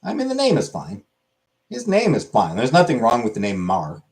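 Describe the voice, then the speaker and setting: A man's voice: medium pitch, wildly swooping pitch, fairly quick. A man hosting a casual comedic monologue, crude and irreverent, rambling between jokes.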